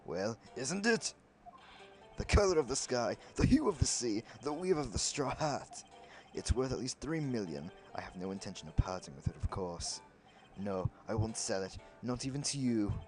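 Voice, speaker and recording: A man voicing a pompous older male lawyer who keeps clearing his throat theatrically. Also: mid-range voice, big pitch swings, normal speed, soft background music, close to an everyday voice.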